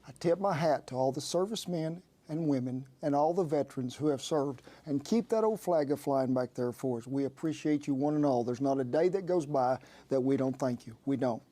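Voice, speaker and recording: A man's voice: medium pitch, brisk, few pauses, dark tone. A man hosting a cooking show in a folksy, drawling way. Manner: folksy, drawling, calls people sugar.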